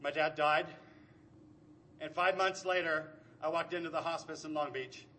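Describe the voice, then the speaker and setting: Middle-aged man, recovery share, earnest storyteller, bright and slightly high voice. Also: fairly even intonation, moderate pace, slight background noise. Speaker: speaker at a recovery meeting.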